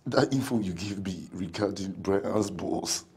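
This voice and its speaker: An actor with a Nigerian accent playing an anxious friend who confesses a mistake in a film drama. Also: male voice, low-pitched, a little slow, a little mellow, slightly rough, full character voice. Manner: nervous, confessing.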